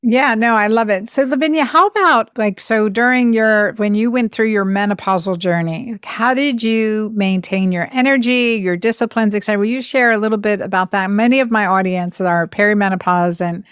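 Smooth-voiced woman interview host. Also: medium pitch, no echo, clean studio sound. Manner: warm affirming interjections and measured questions. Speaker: podcast host. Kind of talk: interview hosting.

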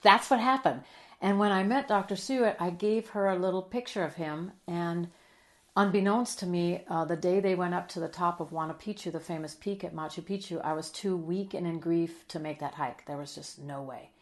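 A middle-aged woman in a heartfelt interview, telling a personal story with earnest emotion, sometimes dropping soft and quiet. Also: on the low side, moderate pace. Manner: earnest and emotional, drops soft and quiet, then lively when quoting. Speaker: guest.

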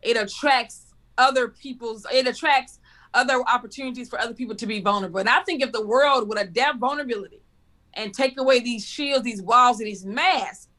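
A woman in her forties, a teacher and speaker, chatting as an interview guest with energy and jumping in pitch when she quotes people. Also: a little fast, pushed and bright. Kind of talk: casual interview chat.

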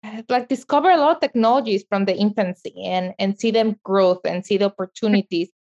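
A woman's voice: mid-range voice, a little fast, a little mellow. Passionate Mexican-accented woman, lo-fi. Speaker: guest, media entrepreneur. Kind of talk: interview conversation.

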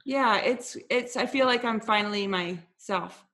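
A woman with a mid-range, fairly bright voice hosts a podcast, chatting casually in an upbeat, talkative way. She laughs easily.

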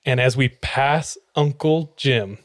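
A man's voice: mid-range voice, takes it slowly. A young man, a podcast host, telling a funny personal story in casual chat, laughing often and swearing freely.

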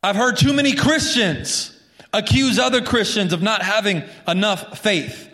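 Man, pastor, sermon, high voice, loose conversational delivery, long church reverb. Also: measured pace, sharp tone. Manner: conversational preaching with frequent restarts and asides.

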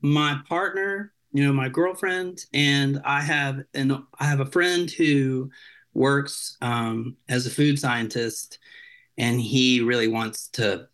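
A man's voice: medium pitch, takes it slowly, a bit bright. A man, a chef, chatting casually as an interview guest in a rambling, loose way full of filler words.

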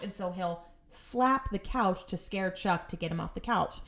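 A woman's voice: fairly low pitch, a little slow, few pauses. A woman telling stories about her home life in a casual monologue, chatty and exasperated, with sarcastic asides.

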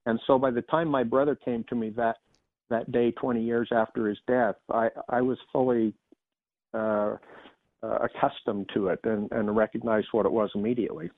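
A man, a former emergency doctor, telling his experiences as a guest in a measured, reflective way with some restarts. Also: mid-range voice, flat delivery, no echo. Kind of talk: interview, personal storytelling. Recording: dry tinny phone-like line.

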